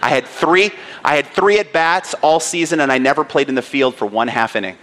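A pastor in his thirties delivers an earnest, emphatic sermon in a notably high voice. He leans into points with personal stories and plain conviction. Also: brisk, fairly bright tone.

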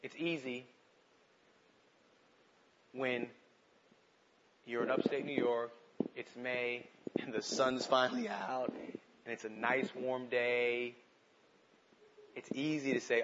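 A man preaching a sermon, moving between urgent, passionate pleas and quiet, reflective asides. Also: mid-range voice, takes it slowly, long pauses, muffled recording, background noise. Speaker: pastor.

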